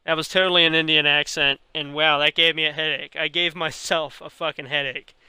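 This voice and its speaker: A man's voice: on the high side, fairly even intonation, brisk, bright, forceful tone, smooth, no room sound. A young man commenting on his game while tipsy, rambling and swearing freely. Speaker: gamer streaming a playthrough. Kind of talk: casual let's-play commentary.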